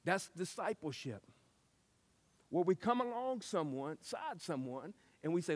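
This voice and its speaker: A man preaching a sermon, telling stories and acting out quotes with lively shifts. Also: high voice, unhurried. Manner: lively storytelling with acted-out quotes. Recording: long hall reverb.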